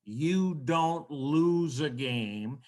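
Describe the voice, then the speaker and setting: A man doing an impression of an older male broadcaster who speaks slowly and gives calm, fatherly advice. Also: on the high side. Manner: slow, deliberate, fatherly advice.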